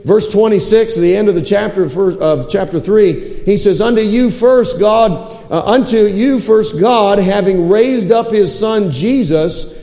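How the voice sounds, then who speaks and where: A man preaching a sermon, telling a scripture story with lively acted-out quotes. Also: high-pitched, unhurried, hardly any pauses, reverberant, long reverb tail.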